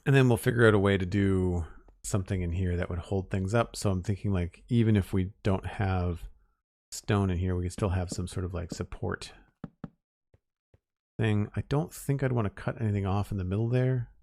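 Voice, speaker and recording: Low gravelly man streaming a build. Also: moderate pace, darkish tone, dry recording, clean studio sound. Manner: musing aloud, chuckling at himself. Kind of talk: casual live-stream commentary while building.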